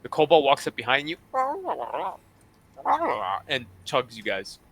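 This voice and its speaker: Bright-voiced man running a tabletop game. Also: medium pitch, unhurried. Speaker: game master.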